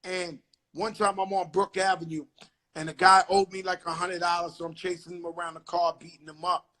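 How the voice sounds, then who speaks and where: A man's voice: sits high, a little fast. A man from the Bronx hosting a live video chat over a phone, telling street stories with lots of swearing. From the Bronx, New York. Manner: animated, swearing, acts out quotes loudly. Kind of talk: casual storytelling chat. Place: home, live video call. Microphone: phone video call.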